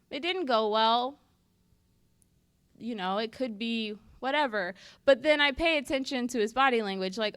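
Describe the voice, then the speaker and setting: A woman's voice: on the high side, fairly bright tone, smooth, no echo, studio quality. A woman speaking at a church, teaching in a conversational way and acting out short everyday dialogues. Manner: conversational, acts out little dialogues. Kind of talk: teaching talk.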